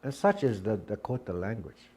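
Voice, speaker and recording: A man's voice: lowish voice, sing-song, moderate pace, mellow, breathy edge. A man teaching a Dakota language class, patiently repeating words over and over and drilling contrasting word pairs aloud. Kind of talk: spoken language lesson.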